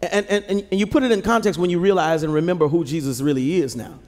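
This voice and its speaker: A man preaching in a very high voice, his words ringing with the long reverb of a large church sanctuary. He swells into shouts and keeps calling on the listeners to respond, the sound of a live sermon recording. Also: fast. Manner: preaching with rising shouts and call-and-response to the congregation. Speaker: pastor.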